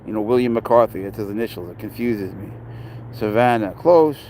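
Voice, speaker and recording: A middle-aged New York man with a lowish, mellow voice talks at normal speed over slight background noise. He's a pet owner vlogger rambling chattily outdoors at a city dog park, addressing passers-by and his chat.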